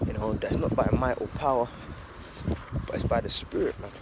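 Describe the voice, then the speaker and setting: A man's voice: mid-range voice, normal speed, background noise. A man talking casually about faith in a loose, slangy monologue, swearing and ending lines with "man.". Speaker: religious vlogger.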